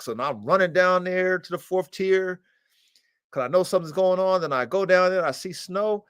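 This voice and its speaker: A man in casual storytelling mode, animated and profane, who often jumps into loud, high rants. His voice sits a little high for a man. The recording is dry and close, with almost no room sound. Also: moderate pace, clear, resonant tone, no echo. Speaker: podcast host and dog breeder.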